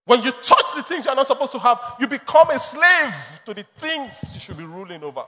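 A pastor preaching with emphatic, story-driven delivery. His voice sits high for a man. A long reverb from the big hall trails his words. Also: expressive, fairly quick, pushed and bright. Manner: emphatic, storytelling, laughs often. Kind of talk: sermon.

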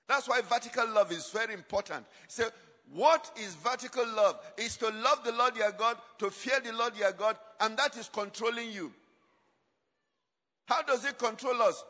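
High-pitched man preaching in a reverberant hall. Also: normal speed, sharp tone. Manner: call-and-response questions to congregation; emphatic, dramatic shifts in volume. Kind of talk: sermon.

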